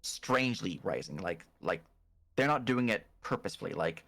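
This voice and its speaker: A man's voice: sits low, lively intonation, normal speed, pushed and bright. A man narrating a tabletop game as game master, casual and hesitant, with many fillers and restarts.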